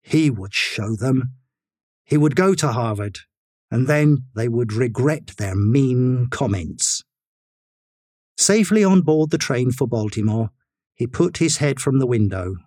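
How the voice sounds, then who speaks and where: A man narrating a story in a measured, expressive reading style. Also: mid-range voice, dry recording, studio quality.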